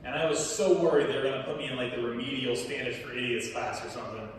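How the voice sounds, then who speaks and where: A young man performing a stand-up comedy set in a small theater, telling animated stories to a laughing audience. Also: medium pitch, fast talker, slight background noise. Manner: animated storytelling, punchlines with crowd laughter. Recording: echoey hall from far off.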